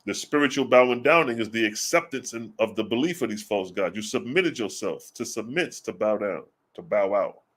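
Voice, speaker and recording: A man giving casual religious commentary, blunt and profane, firing off rhetorical questions and slowing down to read scripture aloud. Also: lowish voice, expressive, a bit bright. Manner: reads scripture slowly and deliberately.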